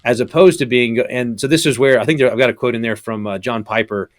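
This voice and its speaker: A man's voice: medium pitch, quick pace, no room sound, clean studio sound. A man, a pastor and professor, speaking as a guest in a casual podcast chat, explaining his points step by step with frequent ums. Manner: thoughtful, explains in steps with many ums.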